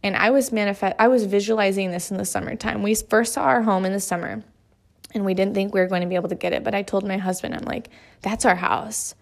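A woman's voice: mid-range voice, fairly even intonation, quick pace, vocal fry. A woman in her thirties, an author, speaking earnestly in a motivational monologue, stressing points by repeating phrases in lists.

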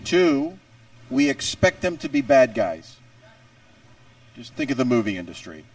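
A man's voice: mid-range voice, big pitch swings, measured pace, no room sound, recorded from a distance. A man in a casual chat, laying out his opinions in a lecturing way.

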